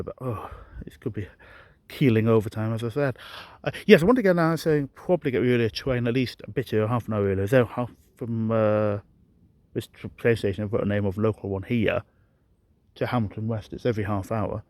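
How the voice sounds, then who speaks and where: A man's voice: on the low side, brisk, darkish tone, dry recording. Guy chatting to his camera on an uphill walk, puffing, dry close sound, keeps correcting himself. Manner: rambling, self-correcting, chatty. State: out of breath from climbing. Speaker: vlogger. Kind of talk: rambling walking vlog. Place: outdoors, hilly park walk.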